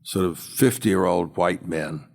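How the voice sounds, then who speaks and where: An older man, a former auctioneer, telling animated anecdotes as an interview guest. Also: sits low, slow, gravelly. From United States. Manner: animated storyteller, acts out quotes.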